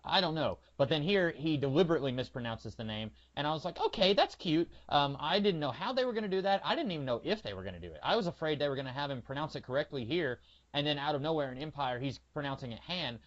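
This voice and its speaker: A man's voice: fairly high pitch, fast talker, highs cut off. A man co-hosting a podcast in casual chat, rambling with lots of fillers and acting out little scenes. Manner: chatty, lots of "like" and "um", animated retellings. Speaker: podcast co-host.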